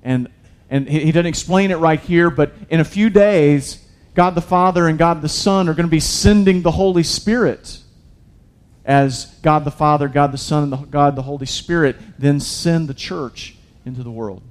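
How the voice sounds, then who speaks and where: Male pastor, slightly high voice, chatty sermon delivery with lots of restarts. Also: normal speed. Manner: conversational preaching, addresses listeners as guys, many restarts.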